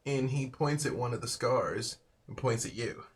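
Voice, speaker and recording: A man narrating a tabletop role-playing game as its dungeon master, loose and unhurried, often saying "sort of" and "like". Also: medium pitch.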